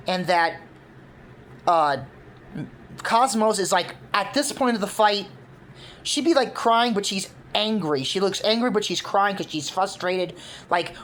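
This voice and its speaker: A woman's voice: mid-range voice, slow pace. A woman casually laying out her fan concept for a cartoon, rambling with many fillers. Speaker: fan video creator.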